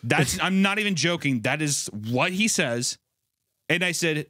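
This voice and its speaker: A man co-hosting a podcast in casual chat, telling a story in a rambling, animated way. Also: on the high side, normal speed, dry recording, clean studio sound. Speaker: podcast co-host.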